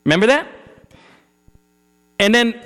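Male pastor, sermon, chatty questions to the congregation, hushed solemn passages, hall reverb, mains hum. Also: very high voice, animated, a little slow, clear, resonant tone. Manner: conversational preaching with rhetorical questions to the congregation.

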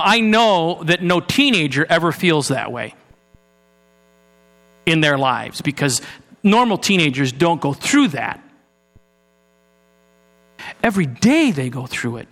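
In a church sanctuary, a man preaches a sermon earnestly, moving between raised urgency and low, hushed passages. The recording carries long hall reverb and mains hum.

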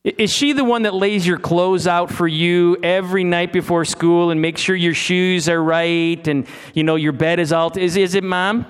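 A man's voice: sits high, steady tone, moderate pace, few pauses, smooth. A middle-aged man preaching a sermon in a conversational way, stumbling over restarts and asking his listeners questions. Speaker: pastor.

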